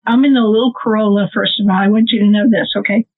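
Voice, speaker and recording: A middle-aged woman with a Midwestern American accent, a nonprofit co-founder and interview guest, telling an emotional family story with animated energy and laughter. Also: medium pitch, quick pace. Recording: tinny phone-like call audio.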